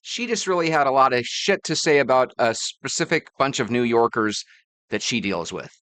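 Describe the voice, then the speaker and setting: A man's voice: medium pitch, lively intonation, moderate pace, a bit bright, no room sound. A man hosting a reaction video, joking and chatting between clips. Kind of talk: reaction commentary.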